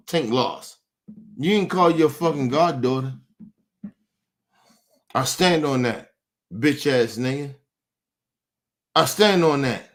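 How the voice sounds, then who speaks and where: Angry man ranting in street slang. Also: on the high side. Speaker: podcast host. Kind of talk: heated rant to camera.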